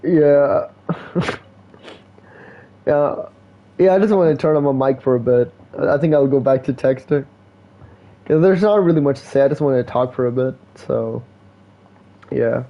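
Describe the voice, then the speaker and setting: A man's voice: mid-range voice, unhurried, pauses often, dull audio. A man streaming live, chatting casually in a slangy, laid-back way, full of "bro" and "like". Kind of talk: casual rambling stream chat.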